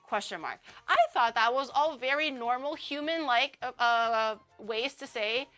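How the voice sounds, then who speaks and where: A young woman chats on her stream, her voice bright and a little high as she rambles through a story. She is animated and laughs often, and soft music plays faintly behind her. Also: measured pace, few pauses. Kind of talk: casual storytelling chat.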